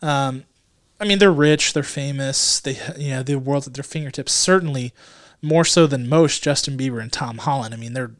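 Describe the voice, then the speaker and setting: A man co-hosting a podcast in casual chat, joking and rambling, sometimes dropping into quick low mutters. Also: no room sound, studio quality. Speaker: podcast co-host.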